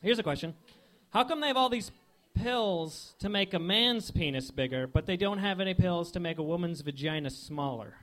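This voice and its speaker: A young man doing a stand-up set of deadpan one-liners, full of filler words, on a comedy club stage with a handheld mic. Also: sits high, normal speed.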